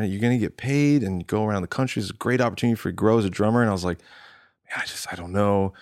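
A man, a drummer appearing as a guest, tells a rambling story in relaxed conversation, acting out what people said to him with restarts in the quoted lines. His voice is fairly low and quick. The recording is clean studio sound with no echo.

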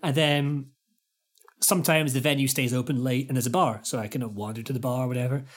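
A man chatting casually on a video call, telling rambling stories and loudly mimicking fans. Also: medium pitch, steady tone, fairly quick. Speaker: guest musician. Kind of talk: casual chat.

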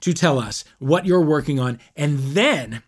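A man hosting and judging a comedy podcast game, announcing in a deadpan, mock-formal way. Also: on the high side, unhurried. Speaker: game show host and judge.

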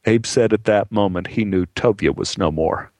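A man's voice: fairly low pitch, moderate pace, a little mellow, no echo. A man telling a true story in a conversational, earnest way. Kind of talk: spoken storytelling.

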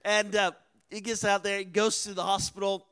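A man telling a story from the mission field with animated energy, building to loud, emphatic peaks. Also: high-pitched, moderate pace, smooth. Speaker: missionary speaker. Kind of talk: storytelling sermon.

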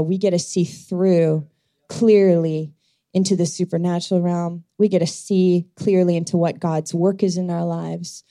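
A woman's voice: on the low side, dark tone, dry recording, clean studio sound. A woman preaching a sermon as a pastor, telling a scripture story and reading verses in an earnest way.

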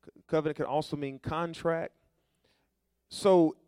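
A man's voice: on the high side, steady tone, normal speed, a little mellow, clear, resonant tone, dry recording, clean studio sound. A man pastor preaching a sermon, with call-and-response questions to the congregation and folksy, conversational storytelling.

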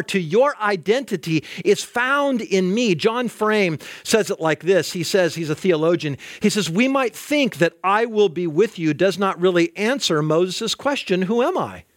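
A male pastor preaching a sermon in an animated way, acting out quoted voices and often repeating words as he starts a sentence. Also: high-pitched, no echo.

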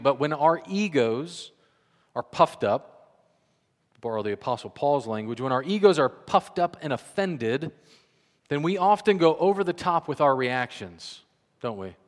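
A man preaching a sermon in a conversational, animated way, acting out the voices he quotes. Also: on the high side, in a large hall. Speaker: pastor.

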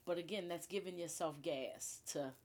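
A woman's voice: fairly low pitch, moderate pace, darkish tone. A woman guest chatting in an interview, often quoting herself and checking in with the listener. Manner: chatty, quotes herself, "you know what I mean". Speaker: guest, beauty bar co-owner. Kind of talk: casual interview talk.

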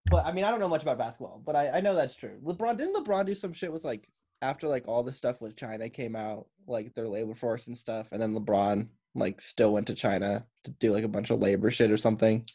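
A man's voice: mid-range voice, fast talker, warm tone, slightly rough. A man co-hosts a comedy podcast in loose, rambling chat. He giggles often and peppers his talk with "like". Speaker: podcast co-host.

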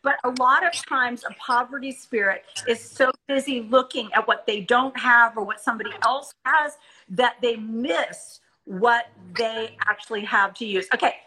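High bright-voiced enthusiastic woman host. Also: normal speed, slightly rough, rough recording. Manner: enthusiastic, encouraging, reenacts stories. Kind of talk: Christian talk show chat.

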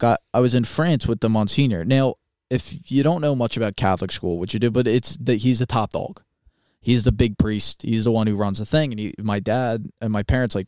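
A young man co-hosting a podcast, telling a story in a casual, animated, swearing way and acting out quoted voices. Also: lowish voice, clean tone, no echo, studio quality. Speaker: podcast co-host.

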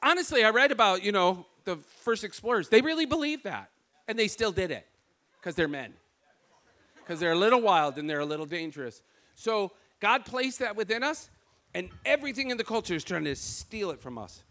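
High bright-voiced Michigan preacher. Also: male voice, fairly quick. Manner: animated storytelling, acts out quoted voices. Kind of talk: sermon.

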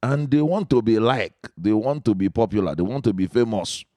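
A man's voice: fairly low pitch, normal speed, dark tone, no room sound, studio quality. A man hosting a podcast, asking playful, teasing questions in casual chat. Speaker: podcast host.

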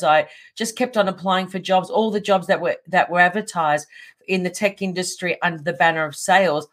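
Animated woman telling a story. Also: fairly low pitch. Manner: animated, laughs often, acts out quotes. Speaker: guest. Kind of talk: casual storytelling interview.

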